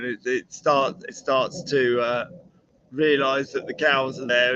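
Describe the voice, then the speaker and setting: A man's voice: medium pitch, flat delivery, slow, bright, forceful tone, lo-fi sound, slight background noise. A man teaching about horses in a chatty live-stream talk, often asking rhetorical questions. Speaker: horse trainer.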